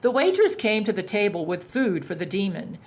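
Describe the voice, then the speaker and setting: A woman narrating a story in a deadpan reading voice. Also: mid-range voice, fairly quick.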